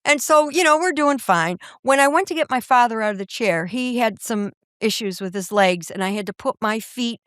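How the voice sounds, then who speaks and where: High-voiced lively woman comedian telling stories. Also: moderate pace, hardly any pauses, no echo, clean studio sound. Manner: animated comic storyteller, acts out voices. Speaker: guest, author and comedian. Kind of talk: storytelling in a podcast interview. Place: podcast studio.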